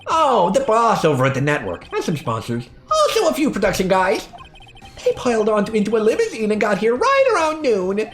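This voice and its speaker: A woman's voice: medium pitch, wildly swooping pitch, a little fast, music in the background, voice pushed up. A woman voicing a lazy, slangy middle-aged male TV director, in a drawling voice for a voice-acted game playthrough. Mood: boastful. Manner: drawled, full of internet slang. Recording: echoey room.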